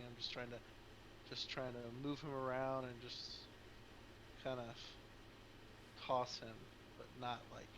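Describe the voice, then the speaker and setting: Brief: male player, rambling, animated, noisy recording. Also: mid-range voice. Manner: rambling, animated, lots of fillers. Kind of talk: tabletop game chat.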